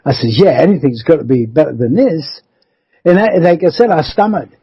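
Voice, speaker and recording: A man's voice: a little high, lively intonation, normal speed, slightly rough, muffled recording. A man, rambling through a life story as a radio interview guest, often adding 'you see'. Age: 70s.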